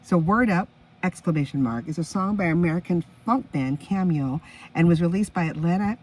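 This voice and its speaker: A woman in her fifties hosts her own music podcast, chatting enthusiastically and pausing now and then to react to her notes. Her voice is lowish, brisk and somewhat dark, heard far from the mic in a rough recording.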